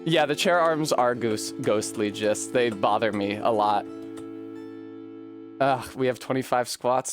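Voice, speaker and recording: A man's voice: medium pitch, measured pace, music in the background. Chatty, laughing male streamer. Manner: casual, laughs often, swears freely. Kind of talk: casual live-stream chat while gaming.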